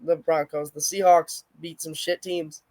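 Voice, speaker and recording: A young adult man co-hosts a podcast of casual sports chat, delivering brash, opinionated trash talk. His voice is high with little pitch movement, a darkish tone, and a slightly slow pace, recorded with no echo.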